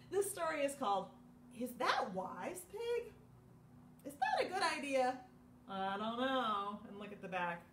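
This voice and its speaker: A woman hosting a children's storytime, reading a picture book aloud in an animated, sing-song way with playful gasps. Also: a little high, normal speed, far from the mic. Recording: echoey room with faint background noise.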